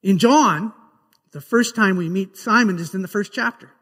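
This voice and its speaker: A man's voice: high-pitched, moderate pace, fairly bright tone, in a large hall. A man preaching a sermon, retelling scripture scenes as a vivid story. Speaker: pastor. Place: church sanctuary.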